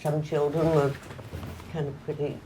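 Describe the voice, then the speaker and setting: A woman's voice: low-pitched, level tone, a little slow, dark tone, a little hiss or hum, rough recording. A woman guest in casual conversation, talking in a firm, plain way.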